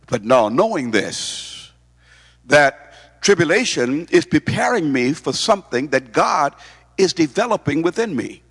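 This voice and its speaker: Male preacher, high voice, emphatic sermon delivery, long hall reverb. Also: sing-song, normal speed, a bit bright, husky. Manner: emphatic, repeats words, asks the congregation questions.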